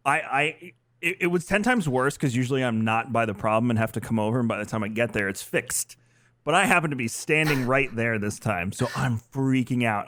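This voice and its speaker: A man co-hosting a podcast, telling an animated story in casual chat and swearing freely. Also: fairly low pitch, dry recording. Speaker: podcast co-host.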